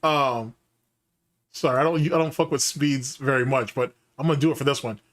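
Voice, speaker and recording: A man hosting a live stream, reacting to gameplay clips with animated, laughing trash talk. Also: medium pitch, normal speed. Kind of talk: casual live-stream commentary.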